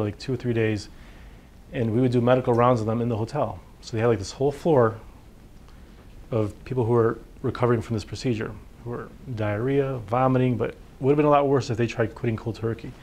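A man's voice: mid-range voice, a little mellow. Chatty man lecturing. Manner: conversational, full of fillers, acts out patients' words. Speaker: physician giving a workshop talk. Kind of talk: informal lecture.

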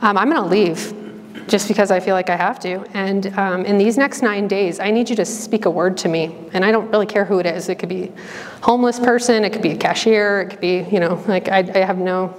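A religious sister giving an earnest, conversational personal talk, full of fillers and restarts. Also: female voice, medium pitch, fairly quick, big-room sound. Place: campus ministry hall.

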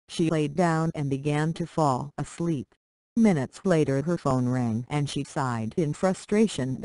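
Slow, even story reader who speaks punctuation marks aloud, dry close sound. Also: medium pitch, no room sound. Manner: reads punctuation aloud literally. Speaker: narrator. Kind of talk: scripted story narration.

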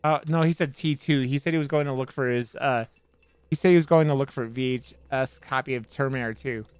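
Guy streaming a game, swears a lot, jokes with chat, smooth clear voice. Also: mid-range voice, fairly quick, dry recording. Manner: profane, joking, talks back to chat. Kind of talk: casual let's-play commentary.

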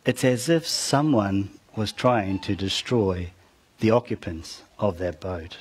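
Husky-voiced preacher telling a story. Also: male voice, fairly low pitch, takes it slowly. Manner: dramatic retelling that drops soft at phrase ends; talks to the listeners with asides. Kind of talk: storytelling sermon.

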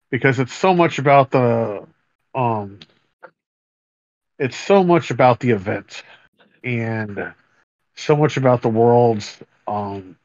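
A man of middle pitch speaks thoughtfully about a poem, pausing on ums as he works out each point. His voice comes through a dry, slightly dull lo-fi recording with no room sound. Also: darkish tone, dry recording. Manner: thoughtful, hesitant, many ums. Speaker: podcast co-host. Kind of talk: casual conversation about poetry.

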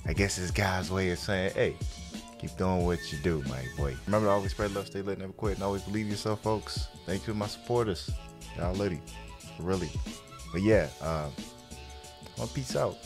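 A man's voice: sits low, moderate pace, over music. A young man casually reacting to a video, laid-back and full of slang, laughing at himself.

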